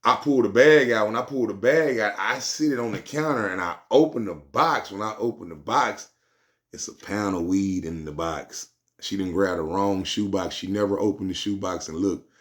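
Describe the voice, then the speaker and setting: A man's voice: on the low side, normal speed, fairly bright tone. A man telling a street story in casual slang, rambling and repeating himself.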